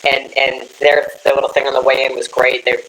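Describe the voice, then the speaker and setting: Profane, rambling young podcast host. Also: male voice, medium pitch, monotone, a little fast, fairly bright tone, slight background noise, rough recording. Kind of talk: casual chat.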